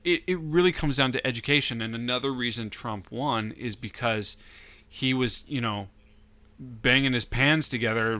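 A man argues his points earnestly in casual political chat, leaning hard on emphasis. His voice is bright and forward, at an ordinary middle pitch. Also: moderate pace.

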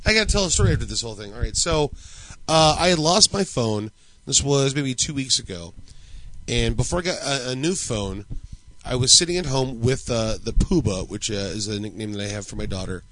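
A man in his thirties tells a crude, joking story as a podcast co-host. His voice sits at a middle pitch with a bright, forceful edge, and his delivery is animated. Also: fairly quick, a little hiss or hum, rough recording. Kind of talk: casual profane chat, storytelling.

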